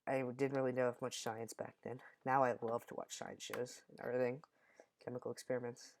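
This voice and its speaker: A man's voice: medium pitch, level tone, brisk, vocal fry. A young man telling a childhood story in a casual, rambling way, often correcting himself mid-sentence. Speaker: storyteller vlogger.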